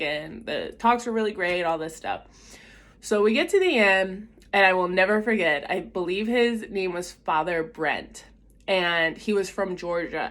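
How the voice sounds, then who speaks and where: A woman's voice: mid-range voice, fairly bright tone. Chatty young woman telling a story. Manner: chatty, lots of filler "like", acts out quotes in whispers. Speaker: vlogger sharing a faith story. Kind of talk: casual storytelling.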